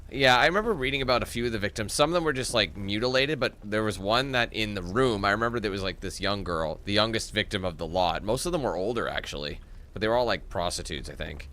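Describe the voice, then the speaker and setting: A man's voice: on the low side, quick pace, bright, forceful tone. A Canadian man giving casual gameplay commentary, chatty and loose, swearing casually as he plays. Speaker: gaming commentator.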